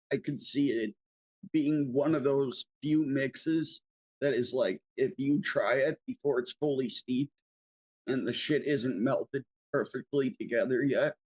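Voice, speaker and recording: A man's voice: medium pitch, darkish tone, breathy edge. A man co-hosting a live stream, chatting casually and swearing now and then.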